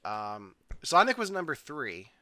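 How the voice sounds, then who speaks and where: A man's voice: a little high, huge pitch swings, a little slow, pushed and bright, no room sound. A man hosting a casual podcast over a video call, running through facts with joking asides. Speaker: podcast host. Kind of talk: casual chat.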